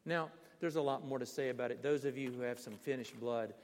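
Older guy preaching, animated storyteller, voice ringing around a big church hall. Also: medium pitch, a little fast. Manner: vivid, animated storyteller with bursts of emphasis and laughter. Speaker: pastor. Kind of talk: sermon with personal storytelling. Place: church sanctuary. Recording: long hall reverb.

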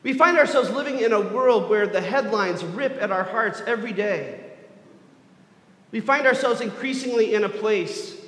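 A man's voice: sits high, a bit bright. A man preaching a sermon as a pastor, earnest and building to emphatic repetition. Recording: echoey hall.

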